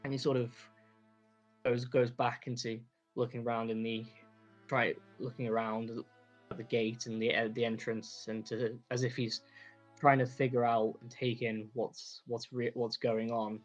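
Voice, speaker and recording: Flat-voiced man in a dull recording. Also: mid-range voice, moderate pace, faint music behind. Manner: meandering, hesitant. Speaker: player. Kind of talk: describing his character's actions.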